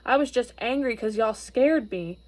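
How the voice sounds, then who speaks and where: A woman voicing a gruff but loving older uncle with folksy speech, as she reads a storybook aloud. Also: on the high side, lively intonation, moderate pace, darkish tone, lightly acted. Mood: scolding.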